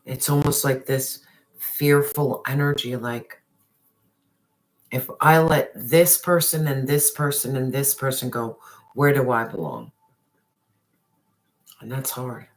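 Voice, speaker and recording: Slow and medium-pitched, with frequent pauses, a tarot reader works through an emphatic, intense reading for a viewer. She swears, uses slang when addressing them, and whispers certain phrases.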